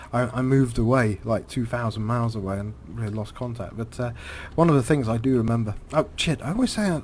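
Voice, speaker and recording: While playing a driving game, a man narrates and wanders through a story, his speech halting and full of fillers, repeated words and chuckles. He has a medium-pitched voice with a darkish tone.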